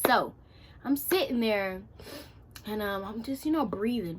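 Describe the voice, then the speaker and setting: A woman's voice: mid-range voice, lively intonation, measured pace, background noise. A teenage girl telling a story to camera in a chatty, slangy way, acting out her own reactions and quotes. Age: teens. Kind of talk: casual storytime.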